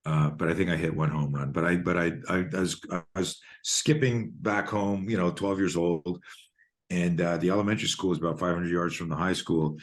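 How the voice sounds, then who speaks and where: Man, 60s, low voice, expressive guest storyteller, salty language, heard over a video call. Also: brisk. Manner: lively, swears freely, acts out scenes. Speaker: guest, self-defense expert. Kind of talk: animated personal storytelling.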